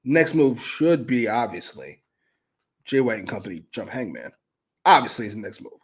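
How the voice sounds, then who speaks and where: A man co-hosting a wrestling review show, musing loosely and thinking out loud. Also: medium pitch, lively intonation, normal speed, breathy edge. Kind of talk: casual review chat.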